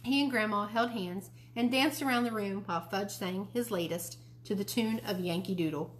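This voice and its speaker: Woman storyteller, expressive children's read-aloud. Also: medium pitch, moderate pace, slight background noise. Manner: expressive reading, switching into character voices. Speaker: library storyteller.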